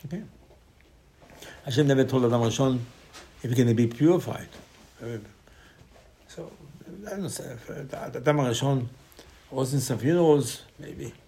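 Male rabbi type, middle-pitched voice, animated sermon storyteller with loud bursts and hushed asides. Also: moderate pace, vocal fry, long pauses. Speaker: rabbi teaching Torah. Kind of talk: Torah class sermon.

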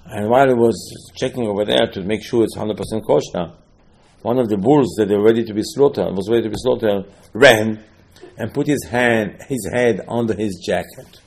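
Husky man with preaching. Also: moderate pace. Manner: animated storytelling, rising to excited high-pitched outbursts. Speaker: rabbi. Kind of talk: sermon.

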